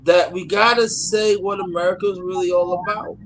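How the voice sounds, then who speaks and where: A man's voice: high voice, fairly even intonation, normal speed, a bit bright, a little hiss or hum, poor audio. A man with a New York accent in casual panel talk. He speaks emphatically and often repeats words as he builds a point. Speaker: panel guest on a talk stream.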